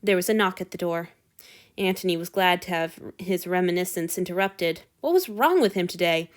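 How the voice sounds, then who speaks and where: A woman reading fan fiction aloud with expressive storytelling narration. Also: lowish voice, normal speed. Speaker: audiobook reader.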